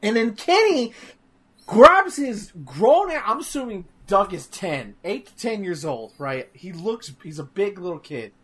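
A man streaming games, chatting casually in an animated, profane, rambling way with many restarts. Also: high voice, unhurried, husky. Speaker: streamer discussing a game. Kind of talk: casual chat.

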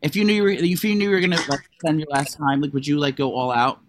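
Rambling, chatty male podcast co-host. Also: fast talker. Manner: rambling, lots of likes and ums, animated jumps in pitch. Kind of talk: casual gossip chat.

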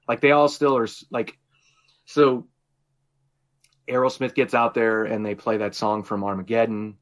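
A male podcast host in loose, casual conversation, telling a story with lots of energy. He curses freely and breaks into laughter often, at an ordinary middle pitch. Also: steady tone, brisk.

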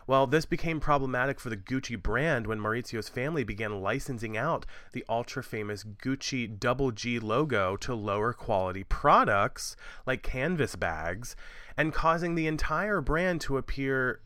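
A man in his thirties co-hosts a true-crime podcast, rambling cheerfully through his story with plenty of fillers and asides. His voice is bright and crisp, and it sits close on a dry mic with no room sound. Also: mid-range voice, dry recording. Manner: chatty, rambling with fillers and laughs. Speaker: podcast co-host. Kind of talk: casual true-crime chat.

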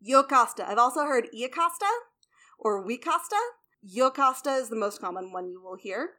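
A young adult woman with a fairly high-pitched voice hosts a casual explanatory talk at a brisk clip. She's chatty and blunt, swearing now and then and adding lively emphasis.

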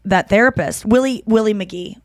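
A woman's voice: mid-range voice, normal speed, no room sound, studio quality. A woman in her thirties hosting a podcast, telling stories in casual chat and acting out the people she quotes. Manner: animated storytelling, acting out quotes. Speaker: podcast host.

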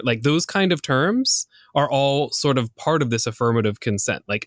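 A man's voice: medium pitch, lively intonation, normal speed, a bit bright, no echo. Guy podcast cohost, voice jumps up and down a lot, dry close mic, nerdy and playful. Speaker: podcast co-host. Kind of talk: casual educational chat.

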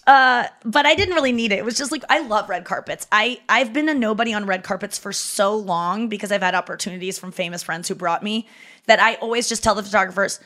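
A woman hosting a podcast, telling a story in a chatty, animated way, full of "like" fillers and wry self-mockery. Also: medium pitch, fast. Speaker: podcast host. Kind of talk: casual comedic storytelling.

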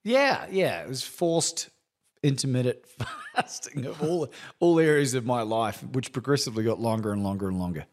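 A middle-aged man, a coach speaking candidly as a guest, animated and laughing often. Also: medium pitch, moderate pace. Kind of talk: candid conversational storytelling.

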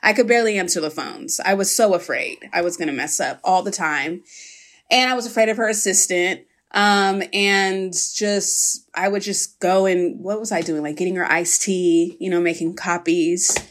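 A woman's voice: fairly low pitch, moderate pace. A woman in casual conversation, telling a story with animation and acting out the voices of people she quotes.

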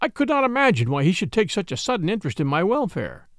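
A man narrating a ghost story aloud in a measured, expressive way, on a close mic. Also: high-pitched, no room sound.

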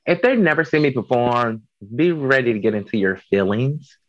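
A man from Chicago talks as a guest on an interview show, blunt and profane, cracking jokes about himself as he goes. His voice sits at an ordinary pitch, and the recording is dry and close with no room sound. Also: lively intonation, normal speed, no echo, muffled recording. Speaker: drag performer guest. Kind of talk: casual interview chat.

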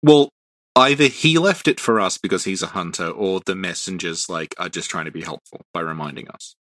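A man's voice: sits low, fairly quick, fairly bright tone. A man hosting a casual podcast, explaining game lore at length with lots of fillers and restarts.

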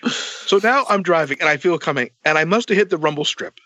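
A man telling a long story in a casual, animated way, swearing a lot and acting out both sides of the dialogue. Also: fairly high pitch, fast, no echo, highs cut off.

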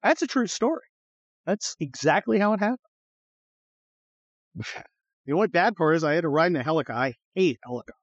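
Middle-aged male host, swearing storyteller, swooping lively pitch, dry and slightly muffled sound. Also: brisk, long pauses, husky, no room sound. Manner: profane, animated, acts out quoted voices. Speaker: podcast host. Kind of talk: casual storytelling chat.

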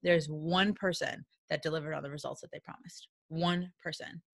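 A woman's voice: low-pitched, fairly even intonation, moderate pace, creaky. A woman business coach giving a casual motivational talk, candid and blunt, who acts out quoted dialogue and laughs often. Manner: candid and blunt, with mild swearing.

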